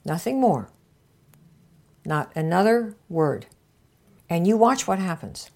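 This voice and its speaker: A woman hosting a marketing podcast, coaching listeners in a casual way and acting out little conversations with bright shifts of tone. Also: on the low side, measured pace, gravelly, long pauses. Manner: acts out little dialogues with lively shifts of tone.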